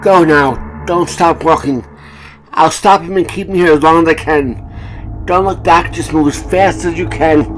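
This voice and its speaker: A woman voicing a protective male security guard who gives clipped, urgent commands in a lowered voice. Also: moderate pace, faint music behind, natural voice.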